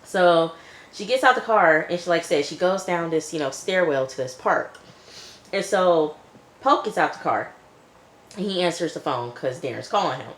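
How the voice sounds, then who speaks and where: A woman's voice: fairly low pitch, expressive, normal speed. A woman casually retelling a TV episode, chatty and loose, full of filler phrases. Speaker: TV episode reviewer. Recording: echoey room.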